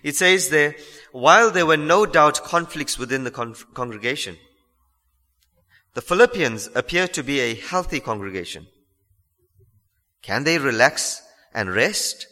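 A man's voice: fairly high pitch, pushed and bright. A man preaching a sermon in a church, earnest and emphatic, asking the congregation rhetorical questions. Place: church hall. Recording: long hall reverb.

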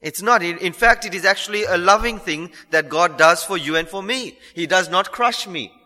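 Male preacher, earnest and repetitive, bright tone, reverberant church hall. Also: high voice. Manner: earnest, repeats phrases for emphasis, slows on key lines. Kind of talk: sermon.

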